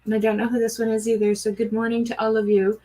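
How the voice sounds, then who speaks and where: A woman's voice: a little high, fast talker, poor audio. A middle-aged woman doing a live-stream oracle card reading, chatting with viewers and greeting them by name. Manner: chatty, warm greetings to viewers, gushing excitement.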